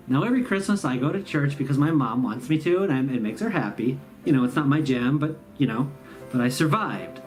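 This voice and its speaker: A host, telling a sarcastic, rambling comic story about the holidays. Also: medium pitch. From Midwestern US. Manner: sarcastic, rambling, self-mocking. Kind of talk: comedic storytelling monologue.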